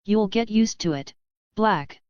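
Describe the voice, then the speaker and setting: A woman's voice: mid-range voice, slow, a little mellow, clear, resonant tone, no echo, close to an everyday voice. A woman voicing a casual, unfazed man in a storybook reading, with a dry, slightly dull recording. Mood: breezy.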